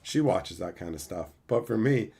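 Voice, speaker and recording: A man's voice: low-pitched, animated, normal speed, vocal fry, dark tone, husky. A man hosting a casual livestream, reading chat aloud in a laid-back, joking way. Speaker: streamer host.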